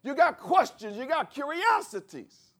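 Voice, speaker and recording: A man's voice: extremely high pitch, big pitch swings, measured pace, a bit bright, pitched above the performer's own voice, heavily acted. A man preaching in the voice of Jesus, an earnest teacher explaining who he is. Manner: earnest, explaining himself directly. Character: Jesus, grown man, patient authoritative teacher.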